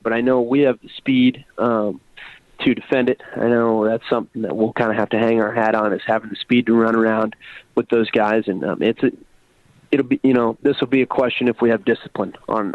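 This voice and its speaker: A man's voice: mid-range voice, no echo. Guy on a phone line breaking down football, rambles a lot, lots of ums, dry sound. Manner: rambling, many fillers and restarts. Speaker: guest, former college football player. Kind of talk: casual phone-in sports talk.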